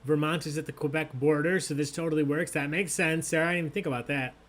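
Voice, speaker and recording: A man's voice: a little high, fast talker. A man hosting a live online trivia night, reading questions and joking with players in an upbeat way. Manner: animated, upbeat, jokey. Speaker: trivia host.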